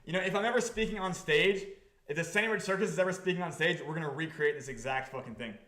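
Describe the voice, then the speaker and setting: A man hosting a livestream about his crypto project, talking to the chat in an excitable, profane, repetitive way. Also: on the high side, quick pace, reverberant. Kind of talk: livestream talk to a chat audience.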